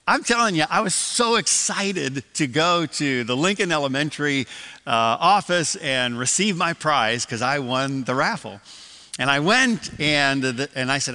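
Older preacher with a bright, echoing voice. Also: male voice, on the high side, very animated, normal speed. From Michigan, USA. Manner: storytelling with many restarts and asides. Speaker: pastor. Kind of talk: evening church sermon. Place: church sanctuary.

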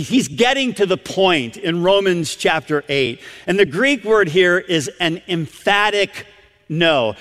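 Man, pastor preaching, emphatic and dramatic, high voice, swinging pitch, long church-hall reverb. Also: fairly bright tone. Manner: emphatic, repeats words for stress, acts out quoted lines. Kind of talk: sermon. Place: church sanctuary with congregation.

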